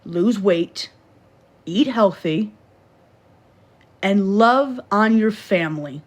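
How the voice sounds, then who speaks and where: A woman's voice: medium pitch, lively intonation, very slow. A woman on a phone livestream from her bed, lecturing and scolding in a preachy, repetitive way. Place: bedroom, in bed.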